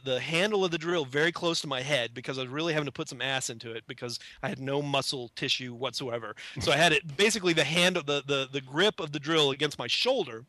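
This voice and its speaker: Bright-voiced man telling a self-mocking story. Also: on the high side, no room sound. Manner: self-mocking, animated, acts out his own shocked voice. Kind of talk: casual anecdote.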